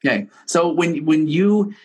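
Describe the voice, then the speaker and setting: A man's voice: on the high side, lively intonation, a little slow, a little mellow, breathy edge. A man hosting a podcast interview, talking enthusiastically with many hesitations and restarts. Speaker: podcast host. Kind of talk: conversational interview.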